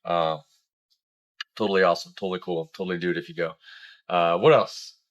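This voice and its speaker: A man's voice: deep voice, steady tone, a little fast, highs cut off. A man giving a casual travel review as a family vlogger, rambling with lots of fillers.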